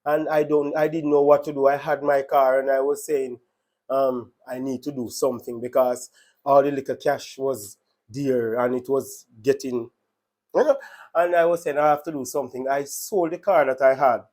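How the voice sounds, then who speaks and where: A man's voice: medium pitch, fairly even intonation, moderate pace, a little mellow. A man with a Jamaican accent telling his personal faith testimony in an earnest, emotional way, often repeating his words. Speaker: testimony speaker.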